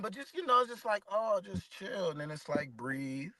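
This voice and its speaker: A man's voice: high voice, sing-song, moderate pace, few pauses, pushed and bright, dry recording. A man leading a casual spiritual discussion and guided stretching, laid-back and slangy, swearing casually. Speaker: discussion leader.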